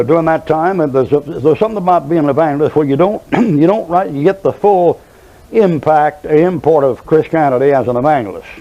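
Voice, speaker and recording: An older man preaches a sermon in a folksy, storytelling way, drifting into asides as he goes. His voice is dark and mellow. It sounds like an old sermon recording. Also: mid-range voice, muffled recording.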